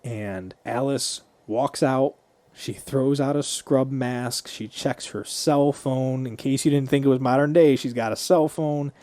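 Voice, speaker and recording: A man's voice: medium pitch, steady tone, measured pace, a little mellow, dry recording. A man co-hosting a podcast, casually retelling a movie scene by scene and swearing freely. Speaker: podcast co-host.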